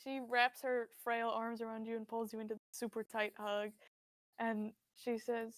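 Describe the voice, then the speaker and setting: A woman narrating a tabletop role-playing scene as game master, descriptive and relaxed, with fillers. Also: a little high, normal speed, no echo.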